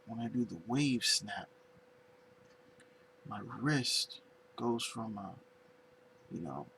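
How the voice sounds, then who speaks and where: Gravelly guy slowly walking thru a drum pad tutorial, kinda searching for words, faint hiss behind. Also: mid-range voice, pushed and bright, poor audio. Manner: unhurried, searching for words, demonstrating on pads. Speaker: finger drumming instructor. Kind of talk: casual tutorial demonstration.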